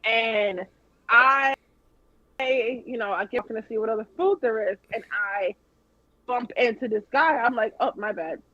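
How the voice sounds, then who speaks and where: A woman's voice: fairly high pitch, a little slow, sharp tone, no echo, dull audio. A woman guest telling a story on a podcast in a casual way, swearing freely and acting out the people she quotes.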